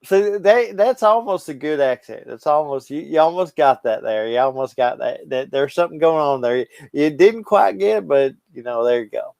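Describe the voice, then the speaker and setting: A man's voice: a little high, lively intonation, moderate pace, creaky, few pauses, a little mellow, no room sound. A man co-hosting a casual podcast chat, rambling and swearing a lot, stoned and stumbling over his words. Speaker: podcast co-host.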